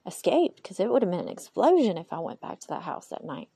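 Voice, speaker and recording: A woman's voice: lowish voice, very animated, quick pace, vocal fry, warm tone, breathy edge. A woman hosting a personal podcast monologue into a phone, candid and rambling, often talking to herself aloud and speaking of her faith in God. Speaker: podcast host.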